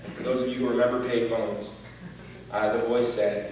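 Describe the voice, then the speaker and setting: A man's voice: mid-range voice, little pitch movement, fairly quick, darkish tone, a little hiss or hum. A man giving an earnest personal testimony as a gala speaker, with touches of wry humor. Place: large event hall. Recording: distant echoey hall recording.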